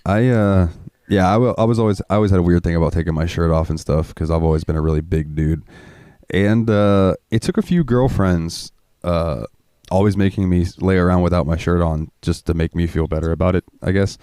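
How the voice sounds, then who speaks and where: A man co-hosting a podcast, with a smooth voice and a laid-back way of talking that is often broken by laughter. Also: a little fast, warm tone, no room sound, clean studio sound. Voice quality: smooth, deep voice. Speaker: podcast co-host. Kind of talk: casual chat.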